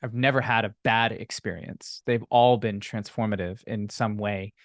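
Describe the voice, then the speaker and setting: Male podcast host, lowish voice, halting and reflective, dry close mic. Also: fairly even intonation, dry recording. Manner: thoughtful, halting, restarts phrases. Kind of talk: interview questions.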